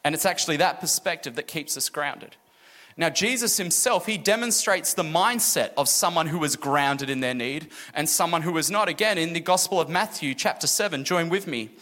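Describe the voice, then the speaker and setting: A man's voice: a little high, normal speed, sharp tone. A man preaching a sermon as pastor, casual and joking, acting out the people in his story. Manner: casual, joking asides and acted-out quotes. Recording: echoey hall with music behind.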